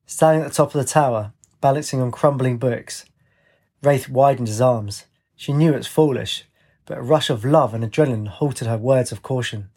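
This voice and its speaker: A man narrating a story in a steady, plain reading voice. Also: mid-range voice, husky.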